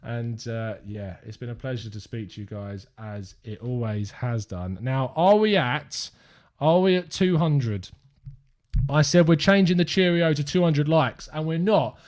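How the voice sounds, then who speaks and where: A man's voice: mid-range voice, a little slow, a little mellow. A young man with an English accent hosting a live fan-channel stream, chatting upbeat and rambling to viewers from his desk.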